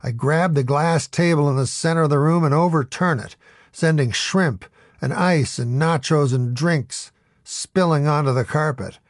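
A man's voice: a little high, normal speed, no echo, clean studio sound. A man narrating a first-person audiobook story in a wry, storytelling manner.

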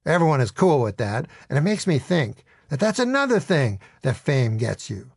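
Male audiobook narrator reading his memoir; deadpan, wry delivery, dry close studio sound. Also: medium pitch, normal speed, gravelly, breathy edge, no echo.

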